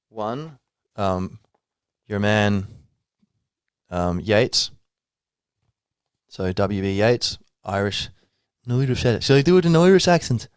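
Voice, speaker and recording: Low-voiced rambling male podcaster. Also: smooth, no echo, clean studio sound. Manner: rambling, many fillers, trails off. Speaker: podcast host. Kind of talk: casual talk on poetry.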